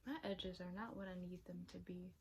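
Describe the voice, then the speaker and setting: A young woman vlogger chatting casually as she reads out viewer confessions, animated and exclaiming, with sudden loud outbursts and quiet asides. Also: on the low side, brisk, a little hiss or hum.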